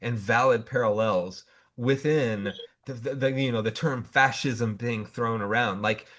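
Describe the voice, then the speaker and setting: Blunt, profane Southern host. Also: male voice, medium pitch, measured pace, fairly bright tone. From Southern United States. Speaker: podcast host, Marine veteran. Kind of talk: casual podcast interview.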